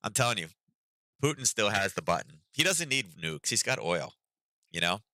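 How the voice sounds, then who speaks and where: A man's voice: fairly low pitch, sing-song, moderate pace, sharp tone, no echo, rough recording. A man hosting a casual trading stream, talking loosely with lots of ums and sarcastic asides, tired and getting over being sick. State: recovering from illness, yawning. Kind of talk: casual market commentary.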